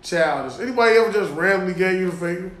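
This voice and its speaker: A man's voice: high voice, fast, a bit bright, reverberant. A man telling profane, laughing road-rage stories in casual chat.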